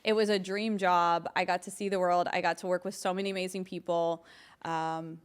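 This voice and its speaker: A woman in her thirties, a guest in a casual interview, telling animated stories with lots of laughter and acted-out quotes. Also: on the low side, fairly quick, smooth. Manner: giggly, animated, quotes others in voices.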